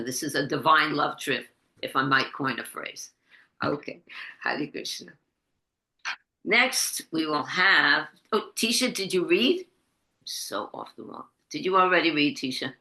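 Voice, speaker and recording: A woman leading a devotional class over a video call, telling a story with many restarts and lively quoted voices. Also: deep voice. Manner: halting, restarts often, animated when quoting. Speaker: class leader. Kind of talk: casual storytelling in an online class. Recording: echoey video call audio.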